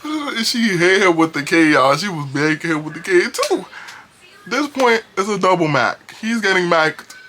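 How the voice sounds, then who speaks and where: Animated young New storyteller, bright voice. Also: male voice, high-pitched, moderate pace, a little hiss or hum. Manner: animated, casual, laughing storyteller. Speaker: vlogger. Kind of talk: storytime vlog.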